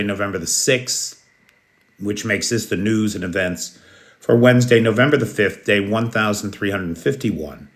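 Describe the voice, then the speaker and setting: A man's voice: on the low side, fairly bright tone. An American man hosting a live news show, talking casually, greeting viewers by name and commenting on the day's events. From United States.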